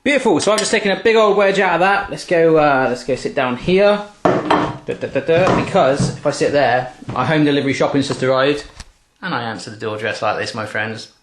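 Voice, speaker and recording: A man's voice: a little high, fairly quick, roomy sound, noisy background. A man chatting playfully while cooking in his home kitchen, full of cheeky asides. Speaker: cooking vlogger. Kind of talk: jokey cooking video chat.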